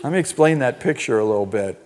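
An older man preaching a sermon as pastor, telling personal stories in an animated, emphatic way. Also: medium pitch, fast talker. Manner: storytelling, animated and emphatic, laughs at own stories. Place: church.

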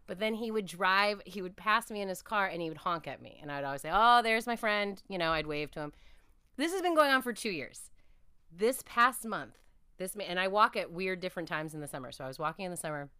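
A woman's voice: on the low side, pushed and bright, smooth, dry recording, clean studio sound. A woman speaking as a podcast guest, telling reflective, earnest stories about her faith in a conversational interview.

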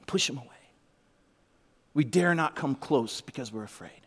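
A man's voice: medium pitch, animated, normal speed, pauses often, fairly bright tone, husky. A middle-aged man giving a sermon as a pastor, telling a heartfelt story and sometimes dropping to a whisper. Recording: long reverb of a large hall.

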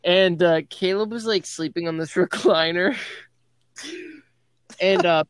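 A man's voice: high voice, unhurried, clear, resonant tone, dry recording, studio quality. A young man who is a podcast guest, telling rambling stories to friends, restarting and giggling as he goes. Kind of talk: casual storytelling with friends.

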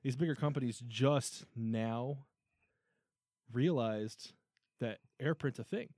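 A man's voice: medium pitch, slow, darkish tone, no room sound, clean studio sound. A man co-hosting a podcast, telling a story in casual chat, swearing and laughing as he goes. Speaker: podcast co-host.

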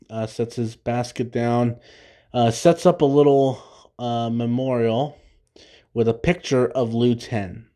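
Slow, rambling young male podcast host. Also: medium pitch, dark tone. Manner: rambling, many fillers and restarts, laughs at his own jokes. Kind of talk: casual episode recap.

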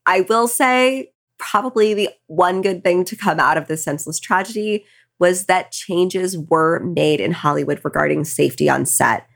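A woman's voice: lowish voice, normal speed, gravelly, fairly bright tone. A tipsy woman co-hosting a podcast, retelling a true crime case casually with angry asides. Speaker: podcast co-host.

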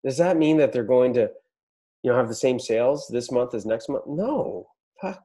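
A podcast host delivers a blunt motivational pep talk to business owners, swearing a lot as he goes. His mid-range voice is expressive and warm, at a moderate pace.

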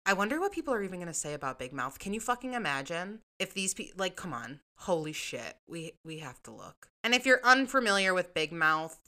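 A young woman with a bright, forceful tone and a slightly low voice for a woman. She reads reviews aloud in a casual vlog, reacts with sarcastic disbelief and swears freely. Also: very animated, brisk, few pauses. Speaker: vlogger reading reviews.

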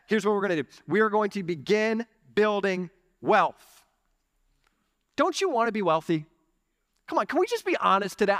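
A young adult man preaching a conversational, animated sermon in church, peppering his talk with "like" and "okay". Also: fairly high pitch, no room sound, studio quality. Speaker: pastor. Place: church sanctuary.

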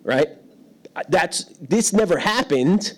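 A self-mocking pastor preaching. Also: male voice, high-pitched, expressive, slow. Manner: storytelling, self-deprecating, laughs often. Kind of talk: sermon. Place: church hall without windows.

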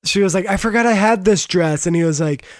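A man with a high, light voice and dry, close sound adds wry, questioning remarks in casual podcast chat about a TV episode. He leans on fillers as he talks. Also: fast, dry recording. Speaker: podcast co-host.

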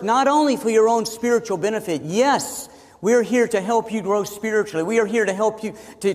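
A man's voice: sits high, in a large hall. A man, a pastor, preaching a sermon in an emphatic way, repeating phrases to drive his points home.

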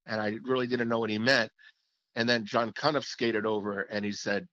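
A man's voice: lowish voice, flat delivery, normal speed, sharp tone, no echo. A man who is a former hockey play-by-play announcer, telling stories in an interview in a reflective way, often restarting his sentences. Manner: reflective storytelling with frequent restarts. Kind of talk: reminiscing interview talk. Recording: slightly muffled lo-fi audio.

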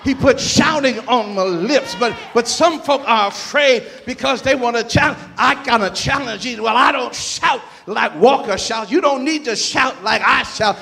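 A male preacher with a strikingly high, gravelly voice delivers a fiery sermon, dropping to low asides and building up to whooping shouts. The sound is bright and cutting. He is recorded in a church with a long reverb tail, and faint organ and congregation noise sit behind him. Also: moderate pace, hardly any pauses. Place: church sanctuary.

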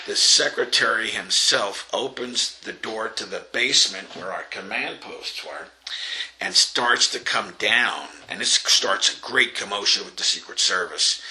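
An older man from Long Island spins an anecdote with a bright, ringing voice pitched a little low. He acts out the people he quotes and laughs along the way. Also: rough recording. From Long Island, New York. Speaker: interviewee. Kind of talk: telling an anecdote.

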